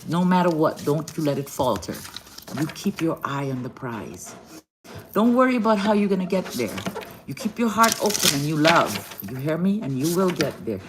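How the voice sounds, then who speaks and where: A woman's voice: low-pitched, very animated, moderate pace, noisy background. Affectionate woman chatting on a live stream. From Guyana. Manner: affectionate, calls viewers darling and baby; laughs often between greetings. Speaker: card reader on a live stream. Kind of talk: casual live-stream chat and card reading. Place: hotel room.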